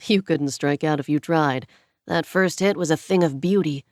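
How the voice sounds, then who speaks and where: A woman's voice: sits low, normal speed, dry recording, studio quality, natural voice. A woman voicing a charming, wealthy young man who teases with smug confidence. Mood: teasing. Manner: teasing, smug.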